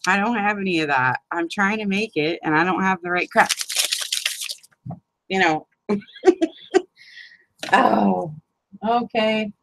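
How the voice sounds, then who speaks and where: A woman's voice: mid-range voice, slow pace, creaky, pauses often, background noise. A woman hosting a live crafting chat, rambling and exasperated, swearing and laughing as she talks to viewers by name. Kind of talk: casual live chat, demonstrating a paper craft.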